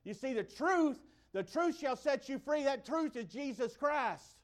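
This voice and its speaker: A man's voice: very high voice, expressive, unhurried. A man from the United States preaching a sermon, emphatic and repeating his key phrases for weight.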